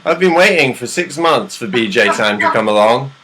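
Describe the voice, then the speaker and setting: A man's voice: medium pitch, expressive, normal speed, crowd noise. A young man doing stand-up comedy at an online open mic, rambling and self-deprecating, with chatty asides, over a hissy video call. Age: young adult.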